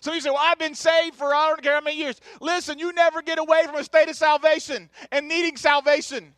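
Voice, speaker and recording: A middle-aged man preaching an impassioned sermon, building to shouted, repeated phrases. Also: very high-pitched, flat delivery, quick pace, dry recording. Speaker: pastor. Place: church sanctuary.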